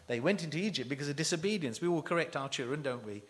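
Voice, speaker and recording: A man's voice: on the high side, animated, fast talker, few pauses, a bit bright. A man preaching a sermon, emphatic and full of rhetorical questions to his listeners.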